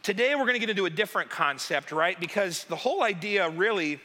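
A man's voice: high-pitched, quick pace. A man who is one of the pastors, giving a casual, joking sermon in a church auditorium. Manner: chatty, joking, animated asides. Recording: long hall reverb.

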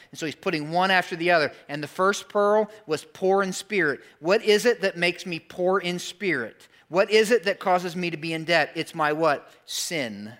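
With a high-pitched, fairly bright voice, a pastor gives his congregation a conversational sermon sprinkled with rhetorical questions.

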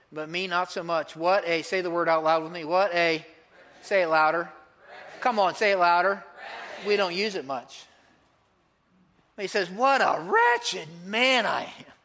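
A man preaches in a church with a high, bright, forceful voice. He talks to the congregation in a casual way and keeps prompting them. His delivery swings from shouted emphasis down to hushed, near-whispered lines. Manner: conversational, with repeated "like" and audience prompts. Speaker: pastor. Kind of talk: sermon.

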